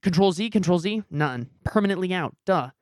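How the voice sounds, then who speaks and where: Young man, podcast host, casual storytelling, high voice, dry close sound. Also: brisk, no room sound. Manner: animated, acts out his own reactions. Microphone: headset.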